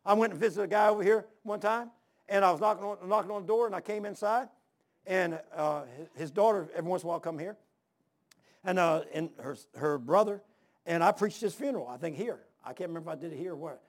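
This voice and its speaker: A man's voice: high-pitched, quick pace. A middle-aged male pastor preaching a sermon, telling stories and firing rhetorical questions with emphasis.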